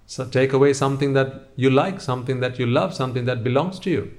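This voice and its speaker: A man's voice: mid-range voice, fast talker, a little mellow. A man giving a motivational talk, speaking straight to the listener with a stream of rhetorical questions.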